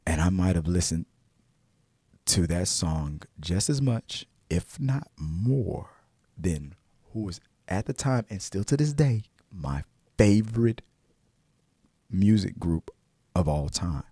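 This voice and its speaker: A man with a fairly low voice, hosting a movie show in casual, heated chat. He drops to hushed asides, then jumps to loud outbursts, stumbling over repeated words as he goes. The sound is dry and close. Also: slow pace, pauses often, breathy edge, no echo. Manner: animated, swings from hushed asides to loud exclamations; frequent restarts and repeated words. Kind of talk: casual opinion talk.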